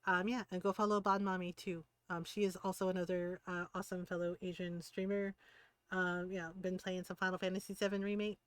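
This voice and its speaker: A woman's voice: on the low side, level tone, fairly quick, clear, resonant tone, dry recording. A middle-aged woman streaming a video game, chatting casually in a rambling way with lots of fillers and easy laughs. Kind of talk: casual livestream commentary.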